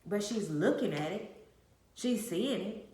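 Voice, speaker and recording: A woman with a medium-pitched voice speaks slowly yet animatedly, earnestly telling viewers her personal testimony and often repeating phrases for emphasis. An adult vlogger with an infant, she records this emotional story in an echoey room with faint noise.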